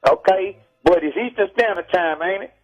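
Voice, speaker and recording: Brief: high-voiced man, forceful and blunt, heard over a muffled archival phone line. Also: moderate pace. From Texas. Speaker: rapper interviewed by phone. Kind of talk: heated radio phone interview.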